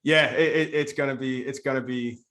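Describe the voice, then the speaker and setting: A man hosting a casual podcast chat, talking in a laid-back, halting way with repeated starts. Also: mid-range voice, fairly even intonation, fairly bright tone. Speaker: podcast host and pro baseball player. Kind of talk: casual conversation. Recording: echoey room sound.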